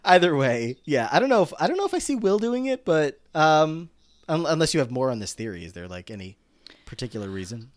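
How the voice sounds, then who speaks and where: A man co-hosting a casual podcast, recapping a TV episode with lively commentary and briefly playing out characters' lines in exaggerated voices. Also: fairly high pitch, fairly quick.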